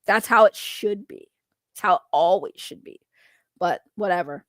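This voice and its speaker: A woman's voice: mid-range voice, normal speed, no room sound, clean studio sound. A woman hosting a livestream, chatting casually with her viewers. She swears freely, laughs a lot and slips into sarcastic, mock-innocent protests. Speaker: livestream host reacting to chat.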